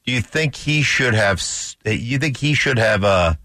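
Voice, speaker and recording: A man's voice: medium pitch, animated, measured pace, sharp tone, no room sound. A man co-hosting a sports radio show, goofy and playful, laughing his way through casual banter on a studio microphone.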